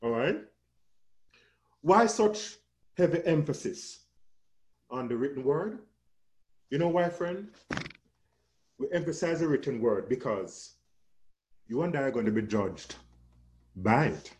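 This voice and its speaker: A man's voice: medium pitch, expressive, takes it slowly, pauses often, darkish tone. A man preaching a sermon with an emphatic, rising and falling cadence, calling listeners his friend.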